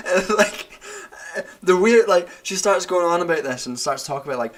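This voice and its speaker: A young man, drinking wine while ranting about a TV show in a profane, animated way, laughing and tripping over his words. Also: sits high, slow pace. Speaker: vlogger. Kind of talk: casual rant.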